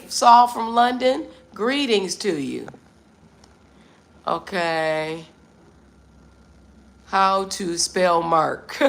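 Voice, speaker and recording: Middle-aged American woman, low and gravelly, hosting a chatty livestream and answering comments. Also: fairly bright tone. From United States. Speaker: livestream host. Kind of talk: casual livestream chat. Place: Vietnam.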